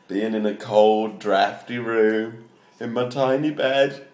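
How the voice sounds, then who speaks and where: A man's voice: fairly low pitch, slow pace, a little mellow. A man from England, co-hosting a casual chat and teasing his friends, laughing often. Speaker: podcast co-host. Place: room in a shared home. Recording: echoey room.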